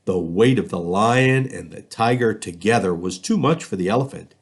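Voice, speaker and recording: A man reading a children's storybook aloud, expressive and lively in his storytelling. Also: fairly low pitch, vocal fry, slightly rough. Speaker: school district reader.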